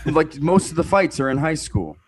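A man's voice: a little high, sing-song, normal speed, background noise. A young man co-hosting a casual movie chat, talking loosely with lots of fillers. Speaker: podcast co-host.

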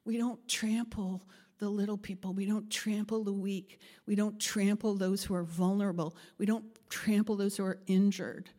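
A woman pastor preaching a sermon, telling a story with lively acted-out voices and frequent laughs. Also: medium pitch, moderate pace, big-room sound. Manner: animated, acts out voices in her story, laughs often.

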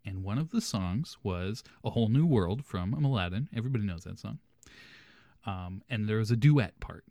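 A man's voice: lowish voice, lively intonation, moderate pace, dark tone, dry recording, studio quality. A young man hosting a podcast, telling a funny story casually and animatedly, laughing as he goes. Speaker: podcast host.

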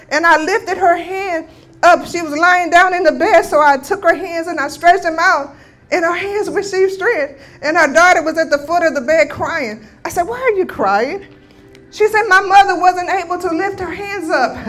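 A woman delivers a sermon testimony in a strikingly high voice. She tells her story with fervent, emphatic declarations and breaks into laughter along the way. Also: a bit bright. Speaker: guest speaker.

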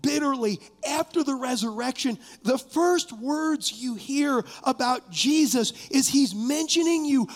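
A man delivers an impassioned sermon from the pulpit. His voice sits unusually high, and he keeps turning to the congregation with direct questions. Long reverb from the church sanctuary trails every phrase. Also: unhurried, few pauses. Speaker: pastor.

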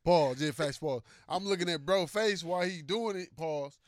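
Animated man telling a story on a podcast. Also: a little high, normal speed, no room sound, clean studio sound. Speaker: podcast co-host. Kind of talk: casual chat.

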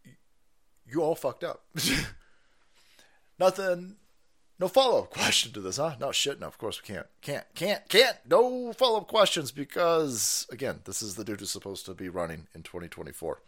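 A man's voice: mid-range voice, big pitch swings, moderate pace, a bit bright. A man hosting a livestream, ranting through profane, mocking political commentary with laughing asides. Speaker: livestream host.

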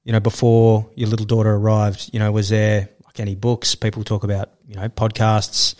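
A man with a lowish voice hosts a podcast conversation. He talks in a relaxed, friendly way and keeps the guest going with follow-up questions. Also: fairly quick. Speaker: podcast host. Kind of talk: conversational interviewing.

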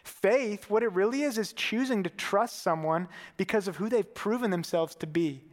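High-voiced man preaching casually. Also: normal speed, big-room sound. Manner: casual and conversational, with fillers like "man". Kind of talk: sermon.

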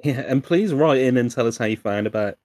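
A man's voice: medium pitch, animated, a little fast, warm tone, dry recording. A British man riffing on a casual podcast, joking and swearing freely. His voice swoops up and down as he talks, recorded close and dry with no room sound. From United Kingdom. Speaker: podcast co-host.

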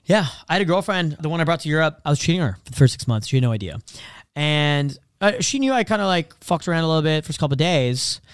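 A man's voice: fairly high pitch, lively intonation, quick pace, smooth, no room sound. A young man chatting as a podcast co-host, telling crude stories bluntly and acting out quotes. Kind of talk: casual chat.

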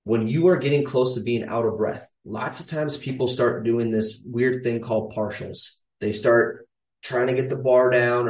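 A man in his thirties gives an emphatic, casual fitness lesson, hammering home his points by saying them twice. His voice is a middle pitch for a man. It reaches the mic from a few steps away, in a roomy, echoing space. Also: steady tone, normal speed. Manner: emphatic, coaching, repeats key points. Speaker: fitness coach. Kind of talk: casual instructional talk to camera. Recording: echoey room, voice from a distance.

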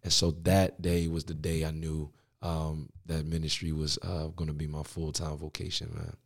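Young male pastor guest, very low voice, casual slangy storyteller. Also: flat delivery, normal speed, vocal fry. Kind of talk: storytelling interview.

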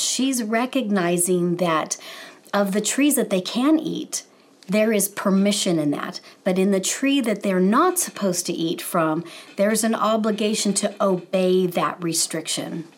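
A woman with a mid-pitched voice teaches a Bible lesson. She speaks in a measured, explanatory way and walks carefully through Hebrew words and their meanings.

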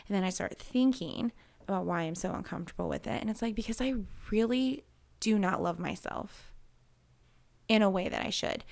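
A woman in her thirties speaks candidly and emotionally, circling back on her thoughts with frequent restarts. Her voice sits in a middle pitch with a gravelly, fried texture at the ends of phrases. It is a confessional, conversational delivery. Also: a little mellow. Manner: open, emotional, rambling with restarts.

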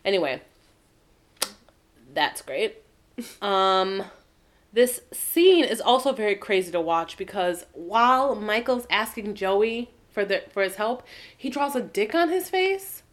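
Teasing young woman with lively pitch. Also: takes it slowly. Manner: teasing, laughs a lot. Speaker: podcast co-host. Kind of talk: casual chat.

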